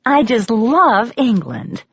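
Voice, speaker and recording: A woman voicing an excitable American waitress who gushes and squeals with delight. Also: fairly high pitch, takes it slowly, breathy edge, no room sound, voice pushed up, heavily acted. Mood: gushing. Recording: dull, lo-fi, dry.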